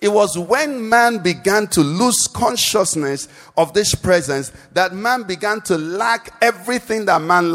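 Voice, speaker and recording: A man preaching a live church sermon, quizzing the congregation and lifting into sing-song phrases. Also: sits high. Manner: call-and-response questions to the congregation, sing-song rises. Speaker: pastor. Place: church service. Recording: long church-hall reverb.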